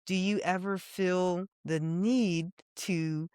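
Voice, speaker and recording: A woman hosting a podcast, asking reflective questions in a measured, conversational way. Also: on the low side, fairly even intonation, a little mellow, clear, resonant tone, no echo, clean studio sound. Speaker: podcast host. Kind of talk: casual conversation.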